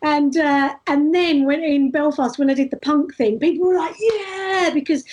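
A woman, telling stories in a casual, animated way as a guest in an interview. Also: high voice, normal speed, poor audio. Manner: lively, animated storytelling with laughs. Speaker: street performer guest.

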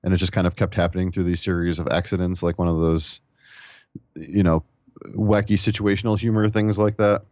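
A man's voice: sits low, flat delivery, brisk, darkish tone, no room sound, highs cut off. A man casually reviewing movies on a podcast, rambling and enthusiastic, with some swearing. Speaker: podcast co-host.

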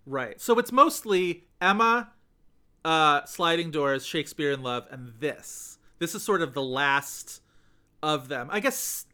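A man's voice: on the high side, animated, slow pace, sharp tone, clean tone. A man co-hosting a film podcast, chatting casually and rambling with many fillers. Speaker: podcast co-host.

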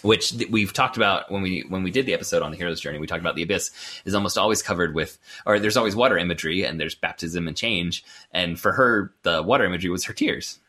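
Bright-voiced man chatting about films. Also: low-pitched, fast. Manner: chatty, laughs often, many fillers. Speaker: podcast co-host. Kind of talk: casual film discussion.

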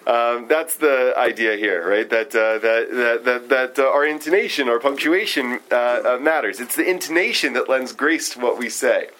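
A man leading a casual study group discussion, talking in a halting way with many fillers and restarts. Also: medium pitch, fairly bright tone, rough recording. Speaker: discussion leader.

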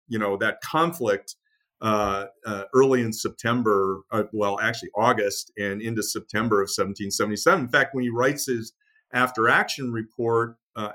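A man's voice: lowish voice, pushed and bright. A man, a guest author, explaining military history in a conversational interview, with frequent fillers and restarts. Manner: many fillers and restarts, storytelling with acted quotes.

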